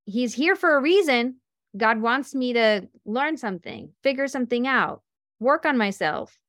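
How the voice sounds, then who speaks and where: A woman's voice: on the high side, lively intonation, unhurried, a bit bright, no echo, clean studio sound. A woman coach giving a faith-based talk in a chatty storytelling manner, acting out the people she quotes. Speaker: life and business coach.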